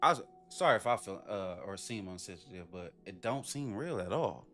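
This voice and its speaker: A blunt, profane man offers casual reaction commentary on clips, sounding incredulous and often mimicking people in a high voice. He speaks animatedly at a moderate pace, his voice a bit bright, over soft background music.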